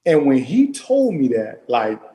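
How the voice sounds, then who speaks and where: A man in his thirties from South Florida, telling stories as a guest in a casual interview, animated and repeating his phrases. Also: mid-range voice, unhurried. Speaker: interview guest, retired football player.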